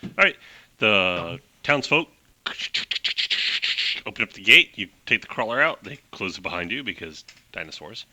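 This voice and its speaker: A man runs a tabletop game, narrating in a playful way with little sound effects. His voice is bright and sharp, and his pitch jumps all over the place. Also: sing-song, normal speed, long pauses, no echo. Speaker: game master.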